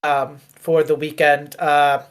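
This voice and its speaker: GM voicing a fussy, courteous British former watcher, gentle and rambling. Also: medium pitch, flat delivery, slow, clear, resonant tone, lightly acted. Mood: flustered. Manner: flustered, fussy, calls people dear. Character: polite former watcher, older British man. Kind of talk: in-character role-play.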